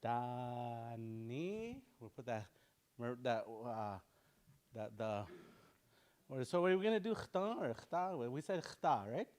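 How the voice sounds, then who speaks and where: A middle-aged man teaching a relaxed language class, joking and repeating words slowly for practice. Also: mid-range voice. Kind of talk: casual online language lesson.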